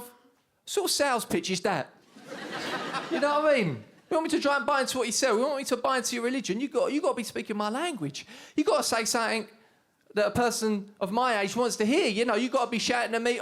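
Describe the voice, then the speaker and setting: A man's voice: extremely high pitch, fast talker, background noise. A young man with an Essex accent doing a stand-up comedy set, telling cheeky stories with punchlines. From England. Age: young adult. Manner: cheeky storytelling with punchlines, shouted put-on voices. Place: comedy studio stage with live audience.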